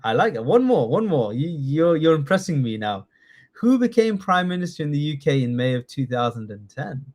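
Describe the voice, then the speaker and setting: A man's voice: fairly high pitch, sing-song, moderate pace, a little mellow. A man teaching a live online citizenship test class, quizzing students and checking in often with "yeah?". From United Kingdom. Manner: encouraging, chatty, frequent "yeah?" check-ins.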